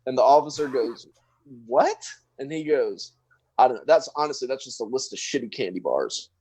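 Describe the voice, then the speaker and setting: A young man co-hosts a podcast and tells a rambling, profane story, jumping into voices for each person in it. His pitch sits in the middle, and the sound is close and dry. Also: fairly quick, breathy edge, no room sound, rough recording. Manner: profane, animated storyteller acting out quotes. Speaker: podcast co-host. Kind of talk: casual storytelling chat.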